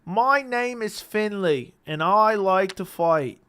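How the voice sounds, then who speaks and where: A man putting on an Irish accent to voice a cocky young male brawler, in a slow, drawn-out, exaggerated way. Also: high voice, lively intonation, bright, forceful tone, smooth, voice pushed up, exaggerated voice. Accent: put-on Irish.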